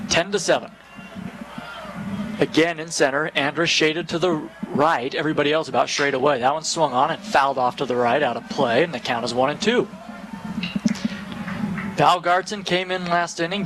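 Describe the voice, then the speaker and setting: A man with a slightly raised voice calls live baseball play-by-play from a stadium booth, giving brisk, detailed accounts of every pitch. Faint ballpark ambience hums behind him. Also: background noise. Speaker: play-by-play announcer.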